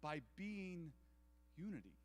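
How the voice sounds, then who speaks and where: A man's voice: fairly high pitch, big pitch swings, takes it slowly. A man giving an earnest, inspirational speech from a stage at an event. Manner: earnest, repetitive rallying phrasing. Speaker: event speaker. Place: large event hall. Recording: long hall reverb.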